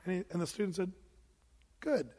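A man preaching a sermon in a church, telling stories with animated delivery and laughing with the congregation. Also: sits high, brisk, big-room sound. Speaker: pastor. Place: church sanctuary.

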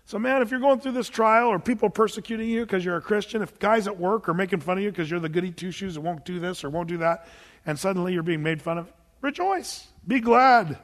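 Man, pastor, high voice, conversational sermon, jokes with the congregation, reverberant church hall. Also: a little fast. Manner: conversational and animated, reads scripture aloud, jokes with the congregation. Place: church sanctuary.

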